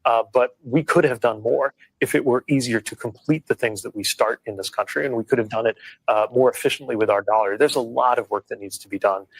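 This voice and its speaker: A man, a former government official, speaking earnestly and in a measured way in a public remark played as a clip. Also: mid-range voice, no room sound, rough recording.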